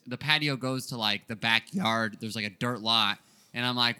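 A man's voice: mid-range voice, fairly even intonation, normal speed, sharp tone, smooth. A man in his twenties telling a rambling, profane story in a casual comedic chat. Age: 20s.

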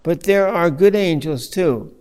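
A man preaching a sermon as a priest, telling a story slowly with fillers and restarts. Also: sits high, animated, a little mellow, smooth, long reverb tail.

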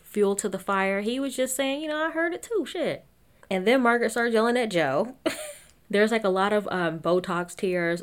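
A young woman giving a casual, opinionated recap of a reality TV show, laughing often and talking to her listeners as y'all. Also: medium pitch.

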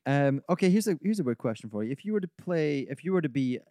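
A man's voice: fairly high pitch, expressive, fast, warm tone, dry recording. A man in casual chat, asking the questions and steering topics.

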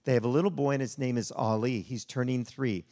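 A man preaching a sermon to a congregation, telling a story in an animated, conversational way. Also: medium pitch, brisk. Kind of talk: sermon with slide show.

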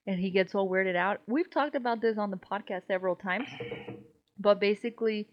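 A woman's voice: medium pitch, fairly quick. A woman co-hosting a casual podcast, rambling and swearing freely, laughing often, a little tipsy. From Mexico. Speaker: podcast co-host. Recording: slightly dull lo-fi sound.

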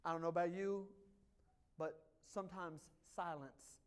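A man preaching a sermon as pastor, swinging from hushed lines to loud ones and joking with the congregation. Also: on the high side, steady tone, measured pace, smooth. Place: church.

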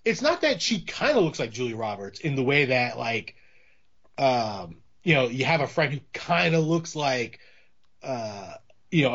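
A man's voice: mid-range voice, pushed and bright. Rambling man with a dull lo-fi sound. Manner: rambling, many restarts and fillers. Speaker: podcast co-host. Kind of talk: casual movie discussion. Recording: dull lo-fi audio.

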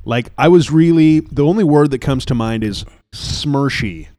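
A man's voice: mid-range voice, normal speed, dark tone, dry recording, studio quality. A man co-hosting a casual podcast, rambling and joking with lots of restarts and fillers. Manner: rambling, jokey, many restarts. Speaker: podcast co-host.

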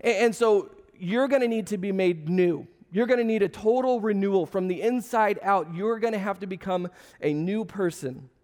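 A pastor with a high voice gives a sermon in an easygoing, joking, conversational tone. He sounds a little strained, as he is losing his voice. His words ring out with the long reverb of a large hall. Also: normal speed, a little mellow. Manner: casual, joking, conversational preaching. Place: church service.

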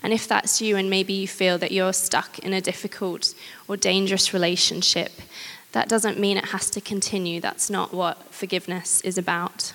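A woman preaching a sermon, candid and personal, with gentle humor. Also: medium pitch, level tone, normal speed, hardly any pauses. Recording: long hall reverb.

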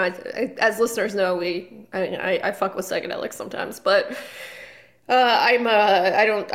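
A woman comedian co-hosting a podcast, telling a story in a rambling casual way with lots of fillers and restarts. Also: mid-range voice. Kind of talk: casual chat.

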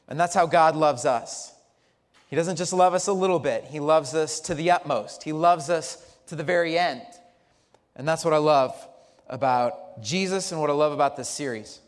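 Preaching in a church sanctuary, a man speaks at normal speed in a fairly high voice. His sermon is lively and chatty, built on humorous storytelling, and long church reverb fills the recording.

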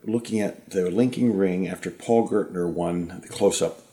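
Gravelly-voiced man in his fifties. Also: sits low, normal speed. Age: 50s. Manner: animated anecdotes, mimics people he quotes. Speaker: guest, magician. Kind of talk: casual storytelling.

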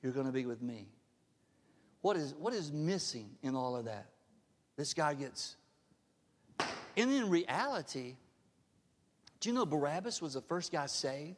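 High-voiced preacher in a reverberant hall. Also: male voice, big pitch swings, a little slow, pauses often, slight background noise. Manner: emphatic, asks the congregation questions. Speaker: pastor. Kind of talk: sermon. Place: church sanctuary.

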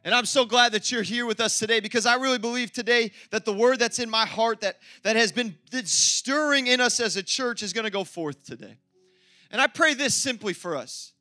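A man preaching a sermon as pastor, energetic and exclamatory, with playful asides to the congregation. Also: high-pitched, dry recording, studio quality.

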